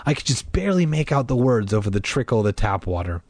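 A man reading a children's horror book aloud, expressive, with casual asides. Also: mid-range voice, fast, no echo. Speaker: reader.

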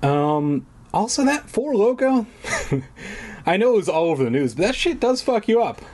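A man's voice: on the high side, very animated, normal speed, a little mellow. A man reading a children's book aloud for laughs, breaking off for irreverent, swearing asides. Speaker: reader.

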